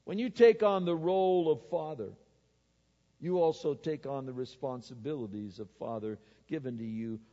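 A man preaching a sermon as a pastor, animated, swinging between loud exhortation and quiet asides. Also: mid-range voice, normal speed. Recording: muffled, with long hall reverb.

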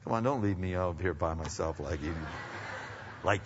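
A middle-aged man preaching a conversational sermon as pastor, swinging between loud emphasis and hushed asides. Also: sits low, normal speed, background noise. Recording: dull sound with long hall reverb.

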